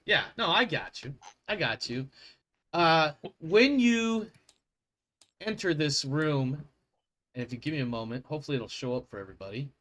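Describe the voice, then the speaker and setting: A man's voice: fairly high pitch, animated, moderate pace, long pauses, a bit bright. A man narrating as game master of a tabletop game, rambling with fillers and self-corrections.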